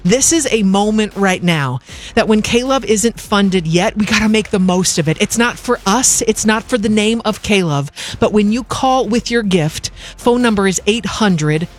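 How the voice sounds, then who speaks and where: A woman hosting a radio fundraising drive, upbeat and urgent, slowing right down whenever she reads out the phone number. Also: medium pitch. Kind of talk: on-air fundraising appeal.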